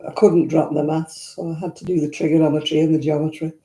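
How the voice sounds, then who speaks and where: Dark-voiced older Northern English woman. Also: low-pitched, little pitch movement, quick pace. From Northern England. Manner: chatty, reminiscing, blunt asides. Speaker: vlogger host. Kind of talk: casual chat answering viewer comments. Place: indoors at home. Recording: echoey room.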